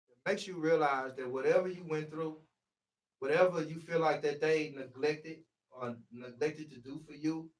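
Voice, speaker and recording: A man with a high voice gives a preachy motivational talk on healing. He presses each point hard and keeps circling back with "see". He sounds set back from the mic in an echoey room. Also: recorded from a distance. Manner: preachy, repeats "see" to drive points home. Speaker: healing speaker.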